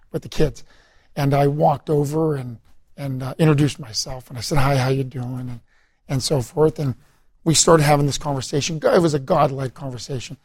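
A middle-aged man, appearing as a guest in a conversational testimony interview, tells the story of his past in a loose, meandering way. He keeps restarting sentences and fills pauses with ums and uhs. His voice is fairly high, darkish and breathy-edged, recorded dry and close.

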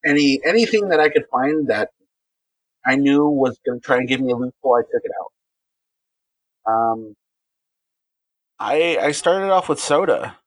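In a candid interview, a male podcast guest talks earnestly, stopping and restarting sentences again and again. He has an expressive, mid-range voice on a dry recording.

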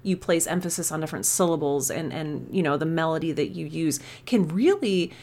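A woman's voice: low-pitched, lively intonation, brisk, darkish tone. A woman guest on a podcast over a video call, a writer talking about her craft in an enthusiastic, thoughtful way. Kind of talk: casual interview chat.

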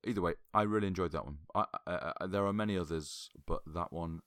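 Deep-voiced co-host, eager, stumbling restarts. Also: male voice, no echo, studio quality. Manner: enthusiastic, halting with repeated starts. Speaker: podcast co-host. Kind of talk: casual chat.

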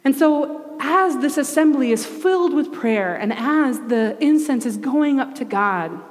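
Woman preaching with hall reverb. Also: a little high. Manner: conversational and animated, with playful asides. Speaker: pastor. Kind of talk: sermon. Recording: long reverb of a large hall.

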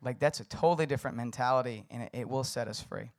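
A man's voice: mid-range voice, fast talker, gravelly. A young adult man preaching a conversational sermon, loose and casual with many fillers. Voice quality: casual, filler-heavy delivery with frequent "like". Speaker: pastor.

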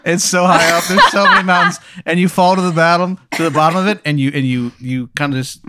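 A man hosting a comedy podcast, narrating an improvised absurd story in a deadpan way. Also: a little high, fast talker, very noisy.

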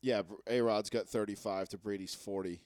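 A man's voice: lowish voice, steady tone, brisk, darkish tone, no echo, clean studio sound. A man co-hosting a casual sports podcast, chatty and mocking, reading out football stats. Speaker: podcast co-host.

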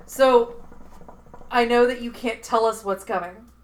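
A woman's voice: on the high side, steady tone, unhurried, poor audio. A woman interviewing a game master in a casual chat, often restarting her questions hesitantly.

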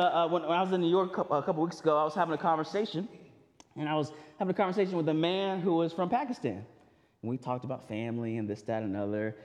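A man preaching a sermon as pastor, talking in a loose, conversational way with restarts and asides. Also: sits high. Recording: long hall reverb.

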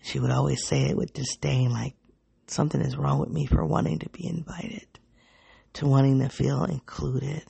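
A woman hosting her own podcast, speaking in an introspective, halting, emotionally raw personal reflection. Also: rumbling low, steady tone, gravelly, warm tone, breathy edge, no echo. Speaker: podcast host.

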